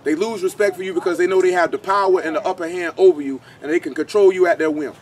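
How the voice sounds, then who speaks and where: A man's voice: high voice, steady tone, quick pace, a little mellow, slight background noise. A man teaching scripture in an informal, blunt, slangy way, firing off rhetorical questions. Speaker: Bible teacher.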